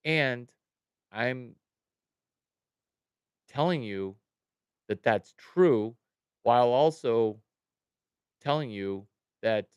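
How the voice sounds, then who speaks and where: A middle-aged man hosting a livestream, talking to viewers in a slow, deliberate way. His voice is clean and crisp, recorded dry and close. He swings between quiet asides and sudden loud, excitable bursts. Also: medium pitch, no room sound. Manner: excitable, jumps from mumbling to loud outbursts. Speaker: livestream host. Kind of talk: animated livestream talk to chat.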